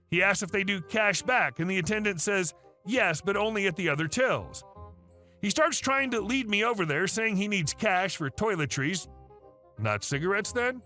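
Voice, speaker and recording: Guy reading reddit stories, high bright voice, kinda wry and casual. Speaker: story narrator. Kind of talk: scripted narration of online stories. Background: faint music.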